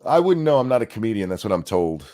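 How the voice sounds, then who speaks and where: A man's voice: lowish voice, sing-song, fast talker, dark tone. A middle-aged man co-hosting a live political reaction stream, talking in a loose, jokey, often profane way. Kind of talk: casual live reaction chat.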